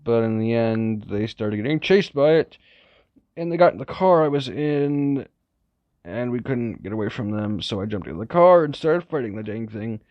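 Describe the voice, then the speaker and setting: A man playing a cocky young male hero who rambles in fast, slang-filled bursts. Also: medium pitch, expressive, dry recording, lightly acted. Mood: tired. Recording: dull, lo-fi, dry recording.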